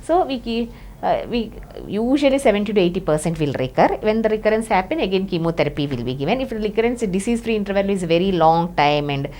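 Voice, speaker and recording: A middle-aged woman doctor with an Indian English accent explaining a medical topic, pausing often with fillers and restarts. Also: medium pitch, expressive, darkish tone, a little hiss or hum. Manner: hesitant, restarts with many fillers.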